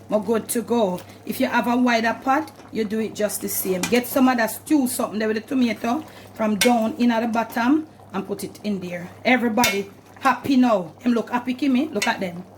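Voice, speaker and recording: Briskly and with few pauses, a woman with a Jamaican accent talks through a casual cooking demo in her home kitchen for her channel, instructive and chatty, with a habit of repeating "and all of that." Her voice is a little high, and there's background noise.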